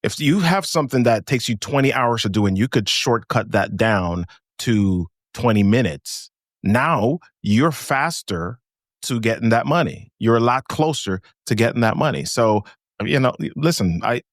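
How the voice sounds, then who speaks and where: A man talking as a guest on a business podcast, animated and laughing often as he tells stories. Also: medium pitch, normal speed, no echo, studio quality. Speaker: guest speaker. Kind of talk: casual podcast chat.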